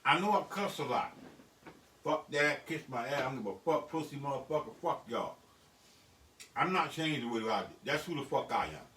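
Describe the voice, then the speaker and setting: A man's voice: mid-range voice, lively intonation, normal speed, bright, forceful tone, a little hiss or hum. A middle-aged man, a beat producer, talking bluntly and profanely in a casual studio vlog. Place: home music studio. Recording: echoey room, mic at a distance.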